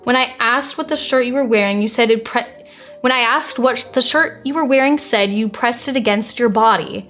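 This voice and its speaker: A young woman from the United States streams live, reading out viewer requests with blunt exasperation. Her voice sits a little high. Soft music plays faintly underneath. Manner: blunt and exasperated, quick to deny.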